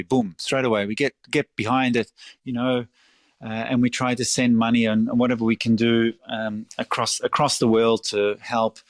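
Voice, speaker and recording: A middle-aged Australian restaurateur appears as a guest on a podcast, speaking in a mid-range voice. He's passionate and emphatic, repeating phrases and swearing freely. The sound is clean studio audio with no echo.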